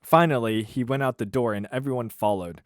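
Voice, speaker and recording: A man's voice: mid-range voice, brisk, no echo, clean studio sound. A man reading a novel aloud on camera with incredulous, wry asides. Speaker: YouTuber reading a book aloud. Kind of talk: comic read-aloud with asides.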